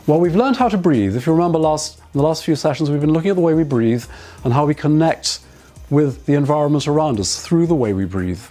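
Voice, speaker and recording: Male voice teacher, slightly high voice, measured demonstrative delivery, faint music underneath. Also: darkish tone. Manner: measured, demonstrative, guiding through exercises. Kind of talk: instructional talk to camera.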